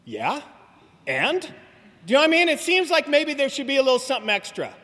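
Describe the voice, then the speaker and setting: A man's voice: very high voice, expressive, racing, pushed and bright. A man in his forties from Southern California, giving a rambling, joking recovery talk to a meeting audience. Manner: joking, rambling storyteller, fond of asking "you know what I mean?". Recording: live talk with long hall reverb.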